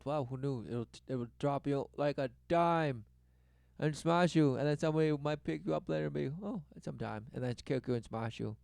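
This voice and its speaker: A man giving rambling commentary on a video, swinging from loud exclamations to low muttering and repeating words over and over. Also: a little fast, creaky, no echo. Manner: repetitive, breathless wordplay. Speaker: commentator reacting to a documentary.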